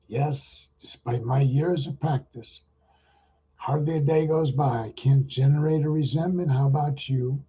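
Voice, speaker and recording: Husky, mellow-voiced man leading meditation. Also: a little high, measured pace, muffled recording. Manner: rambling, chatty, with fillers and restarts. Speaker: meditation group leader. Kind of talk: casual chat and guided loving-kindness meditation.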